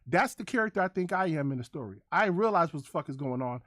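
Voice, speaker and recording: A man's voice: fairly high pitch, lively intonation, fast talker, a bit bright, dry recording, clean studio sound. A man hosting a livestream, ranting to his chat in a combative, profane, repetitive way. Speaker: livestream host.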